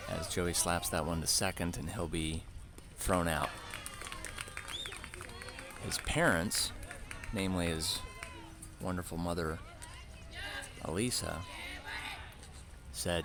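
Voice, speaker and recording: A man giving relaxed, chatty play-by-play commentary on a youth baseball game and mixing in side stories. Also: sits low, takes it slowly, long pauses.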